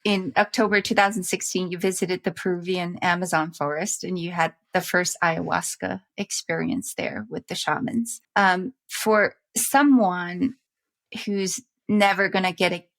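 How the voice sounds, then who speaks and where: A podcast host, a woman with a lowish voice, asks her guest a careful, measured question. She talks in a calm interview manner.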